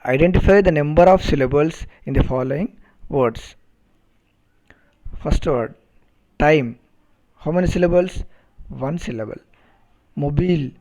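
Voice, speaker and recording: A man with an Indian English accent teaching a phonetics lesson, speaking slowly and deliberately and repeating words to model their pronunciation. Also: on the high side, warm tone. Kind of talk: recorded phonetics lecture. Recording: dull lo-fi recording.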